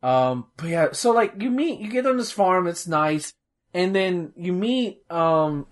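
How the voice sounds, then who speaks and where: Animated, foul-mouthed streamer guy. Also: high-pitched, measured pace. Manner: animated, profane, rambling with restarts. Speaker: streamer discussing a game. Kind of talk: casual chat.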